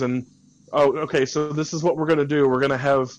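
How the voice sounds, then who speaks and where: A man's voice: medium pitch, flat delivery, a little fast, muffled recording. A man co-hosting a casual podcast, ranting heatedly with lots of swearing and restarts. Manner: heated, profane, rambling with restarts. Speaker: podcast co-host.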